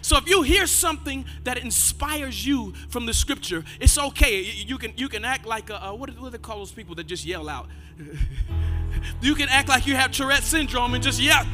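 A man preaching and praying in church, shouting and half-singing his phrases, often stammering and repeating words. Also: very high-pitched, fairly quick, music in the background. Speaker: pastor. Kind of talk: fiery sermon and prayer.

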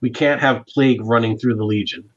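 A man plays a stern Roman commander in a tabletop game, laying out a tense situation in a measured, matter-of-fact way. His voice sits in a middling pitch. The recording is dull and lo-fi. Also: steady tone, husky, close to an everyday voice. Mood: grim, businesslike. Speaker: game master voicing a character.

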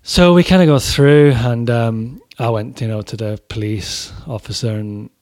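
A man's voice: medium pitch, unhurried, darkish tone. A man telling a casual story about touring with his band, swearing freely and acting out the quotes. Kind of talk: casual anecdote.

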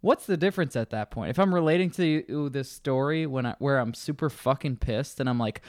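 A man casually telling a bar story, swearing and acting out angry customers in loud voices. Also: mid-range voice, brisk, hardly any pauses, no room sound, studio quality.

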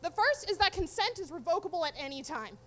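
A woman's voice: extremely high pitch, animated, fast, heavy background noise. A young adult woman telling a personal story to an audience, candid, profane and wry.

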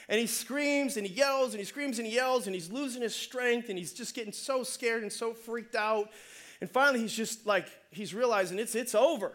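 A man preaching a sermon as pastor, conversational and energetic, calling out to the congregation. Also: extremely high pitch, brisk. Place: church.

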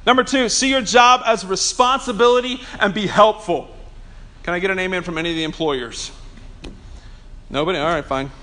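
A man's voice: sits high, a bit bright. A male pastor preaching a sermon in a church, talking conversationally, joking with the congregation and calling for amens.

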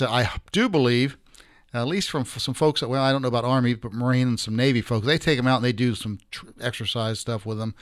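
A man's voice: mid-range voice, fairly bright tone, dry recording, studio quality. Blunt, folksy older man hosting. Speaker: podcast host. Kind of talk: casual talk-show monologue.

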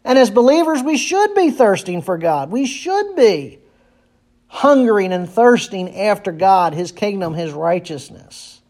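A man's voice: sits high, very animated, a little slow, a little mellow. A man preaching a sermon as pastor, earnest and repeating phrases for emphasis.

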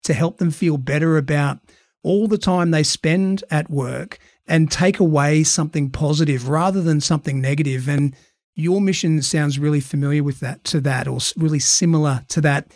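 An Australian man hosts a podcast in a slightly raised voice, dry and close to the mic. He talks in a measured, emphatic way. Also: fairly high pitch, a little mellow, dry recording. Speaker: podcast host. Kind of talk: podcast interview and scripted intro.

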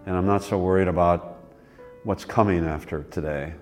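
A man in his sixties, interviewed, telling his life story in a rambling, relaxed way with many fillers. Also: low-pitched, moderate pace, soft background music. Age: 60s. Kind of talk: reflective personal storytelling.

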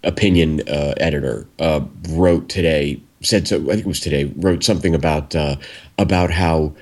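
A man's voice: rumbling low, moderate pace, a little mellow. A man co-hosting a casual political talk show, blunt and profane, talking emphatically. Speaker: co-host.

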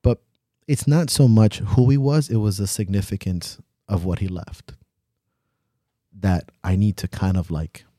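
A man's voice: lowish voice, unhurried, dark tone, no room sound, studio quality. A young man co-hosting a podcast, talking bluntly and emotionally, swearing freely. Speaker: podcast co-host. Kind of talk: candid podcast chat.

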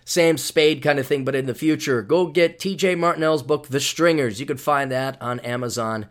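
A man's voice: medium pitch, normal speed. A man from the United States hosting his own podcast in a rambling, sarcastic, mock-ranting monologue. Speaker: podcast host.

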